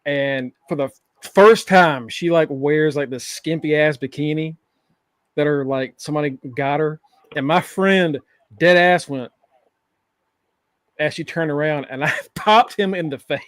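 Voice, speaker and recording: A man's voice: fairly high pitch, a little slow, a bit bright, dry recording. A man co-hosting a podcast in casual chat, joking, laughing often and acting out little scenes. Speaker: podcast co-host.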